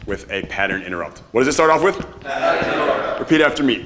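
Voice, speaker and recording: Energetic man teaching a workshop crowd. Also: medium pitch, fast. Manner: energetic, quizzes the audience, swears casually. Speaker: marketing workshop instructor. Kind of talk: live workshop teaching to an audience. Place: room with a live audience.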